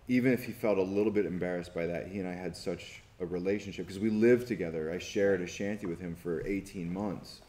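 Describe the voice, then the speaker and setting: A low-pitched man who makes documentaries shares a story at a festival panel. He's animated, performs the quoted lines, and keeps restarting.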